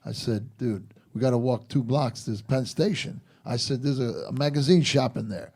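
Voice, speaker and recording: A man's voice: medium pitch, moderate pace, slightly rough. A man telling a long anecdote in casual chat, acting out quoted dialogue and swearing freely. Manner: animated, acts out quotes, swears. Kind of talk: casual storytelling.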